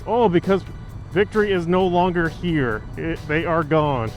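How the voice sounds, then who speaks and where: A slightly high-voiced man riding a motorcycle through city streets, talking into his helmet mic. He rambles and cracks jokes, filling his sentences with casual asides. A faint wash of music sits underneath. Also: normal speed. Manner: joking, rambling, heavy on fillers. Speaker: motovlogger. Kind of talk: casual chat while riding.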